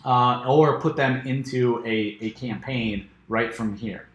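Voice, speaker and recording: A man talks his way through a software demo in a loose, casual way, stumbling over restarts and fillers. His voice is a little worn, as if he is losing it. The recording has a noticeable room echo. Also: mid-range voice, takes it slowly, highs cut off. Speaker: software reviewer. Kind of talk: screen-share software walkthrough. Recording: echoey room.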